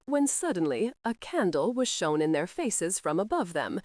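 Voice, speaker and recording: A woman narrating a historical romance audiobook in an expressive reading style. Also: on the low side, normal speed, no echo, studio quality. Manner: lively, character-voicing reading.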